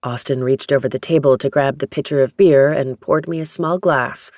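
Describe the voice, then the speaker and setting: An audiobook narrator reading a first-person romance story in a steady, even storytelling manner. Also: mid-range voice, moderate pace, no room sound, clean studio sound.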